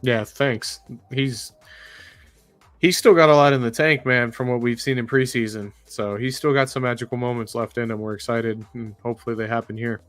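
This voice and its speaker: A man's voice: medium pitch, steady tone, normal speed, fairly bright tone, no room sound, faint music behind. A man co-hosting a casual fan livestream, bantering in a laid-back way and laughing often.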